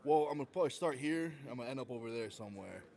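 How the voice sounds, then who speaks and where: A laid-back male fighter answers press questions in a lively, up-and-down voice. He keeps things understated and laughs off the host's teasing. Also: mid-range voice, rapid-fire, gravelly. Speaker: fighter guest. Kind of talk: casual interview answers.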